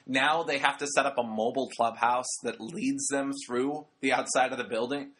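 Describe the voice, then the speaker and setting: Bright-voiced man recapping wrestling casually. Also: medium pitch, fairly quick, few pauses. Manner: rambling, jokey asides. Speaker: wrestling podcast host.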